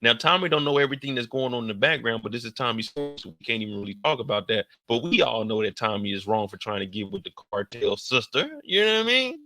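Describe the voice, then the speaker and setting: A man giving casual reaction commentary on a TV show, profane and animated, acting out scenes in high squeals and shouts. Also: fast, hardly any pauses.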